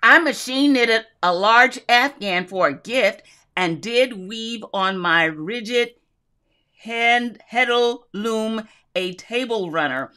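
Woman, live-stream host, chatty and upbeat, bright forceful tone, fairly high voice. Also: takes it slowly. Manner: chatty and upbeat, laughs often, greets viewers by name. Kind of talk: casual live-stream chat, reading viewer comments.

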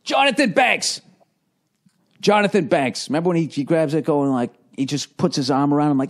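A man's voice: mid-range voice, a little fast. A man, a comedian hosting a podcast, telling a story in a casual, rambling monologue full of swearing and restarts. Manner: profane, animated storytelling with many restarts.

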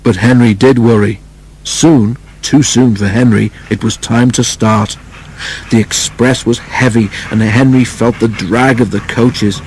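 A man narrating a children's storybook in a steady, even read-aloud manner. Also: mid-range voice, measured pace, slight background noise, rough recording.

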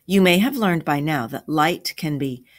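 A man's voice: on the high side, expressive, moderate pace, lightly acted. A woman reading as a teasing old grandfather. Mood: explaining. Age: older. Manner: teasing, eager to explain. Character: patient, teasing grandfather explaining science.

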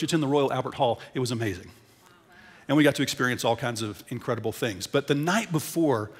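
A middle-aged American man preaching a sermon, telling a story, swinging between loud emphasis and quiet intensity. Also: mid-range voice. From United States. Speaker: pastor. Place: large church auditorium. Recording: long hall reverb in church.

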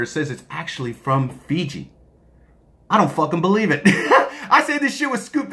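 A man's voice: a little high, fairly bright tone, roomy sound. A man reviewing a supplement in a casual vlog from his home kitchen, joking and swearing as he rambles.

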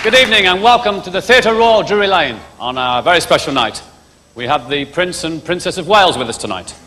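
A man's voice: sits high, expressive, fairly quick, crowd noise, noisy background. A male stand-up comedian, chatting cheekily to a live theatre audience, lapsing into mock voices for jokes. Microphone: stage microphone. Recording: live theatre recording with hall echo and loud audience. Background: audience laughter.

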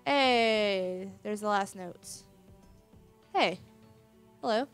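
A woman's voice: mid-range voice, normal speed, faint music behind. A woman casually commenting on a horror game she is playing, reading its text aloud and swearing now and then. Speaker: let's play gamer.

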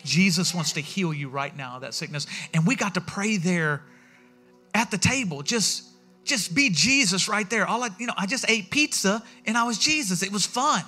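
A pastor preaches in a loose, story-driven way, dropping into little voices for the people he quotes. His voice is high-set and very bright, and soft music sits under it. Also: lively intonation, normal speed. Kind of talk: sermon. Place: church sanctuary.

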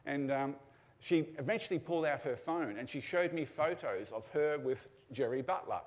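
A man's voice: fairly high pitch, normal speed. An older man, telling stories casually with fillers and restarts. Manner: casual anecdotal storytelling with fillers. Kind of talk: storytelling talk.

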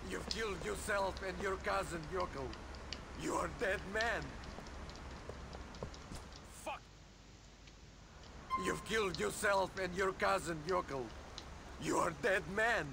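An actor playing a slow, gravelly announcer in a video game. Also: male voice, high-pitched, noisy background, heavily acted. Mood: announcing.

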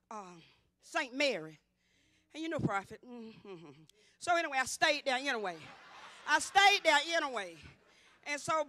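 A woman's voice: high voice, bright, forceful tone, dry recording. A woman in her fifties giving a church testimony, telling her story vividly and acting out each exchange, rising to emphatic exclaiming. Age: 50s. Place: church convocation.

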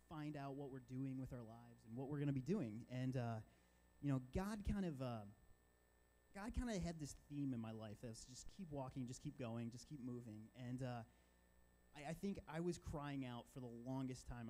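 Young male intern, warm mid voice, casual testimony, faint hum. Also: mid-range voice, brisk, poor audio. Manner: casual, many fillers like "like" and "uh". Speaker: church intern. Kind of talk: personal testimony.

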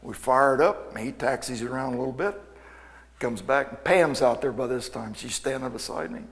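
A man, an aircraft mechanic, telling an animated, folksy story to an audience and acting out the dialogue. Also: mid-range voice, fairly quick, creaky. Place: event hall. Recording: long hall reverb.

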